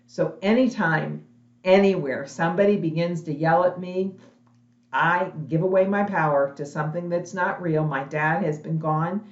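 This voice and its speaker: A woman's voice: on the low side, roomy sound, lo-fi sound. A middle-aged woman giving a direct, emphatic motivational webinar talk as a conference speaker. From lives in Texas.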